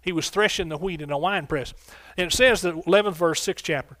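A man's voice: high-pitched, fast talker, hardly any pauses, a bit bright, no echo. Male pastor, fervent call-and-response sermon, dry close sound. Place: church sanctuary.

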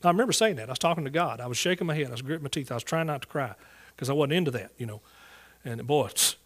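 A man's voice: medium pitch, expressive, very fast. Folksy Southern preacher man. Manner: folksy, earnest storytelling with restarts. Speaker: Bible teacher. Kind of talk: sermon testimony. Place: church service before a congregation.

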